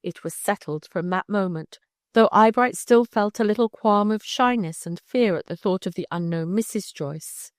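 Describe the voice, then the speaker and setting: A woman narrating a classic novel as an audiobook in a calm, measured reading. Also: medium pitch, no room sound, clean studio sound.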